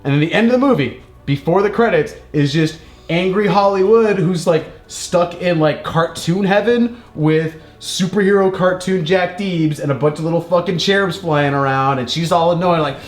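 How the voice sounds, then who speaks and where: A man's voice: sits high, moderate pace. A man co-hosting a casual comedy podcast, retelling a movie plot in a rambling, profane way, full of filler words and silly put-on voices. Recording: echoey room.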